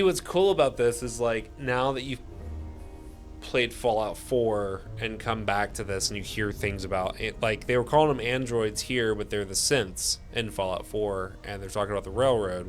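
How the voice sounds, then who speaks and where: This gameplay streamer has a lowish voice with a fairly bright tone. Worn out and relaxed, he comments casually on the game, cursing freely and laughing at little things.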